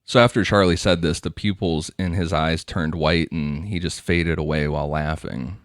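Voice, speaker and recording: A deep-voiced man hosting a casual podcast, reading case details in a loose, conversational way and laughing often. His voice is dry and close to the microphone. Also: fairly even intonation, normal speed, no room sound. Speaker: podcast host. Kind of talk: casual true-crime narration.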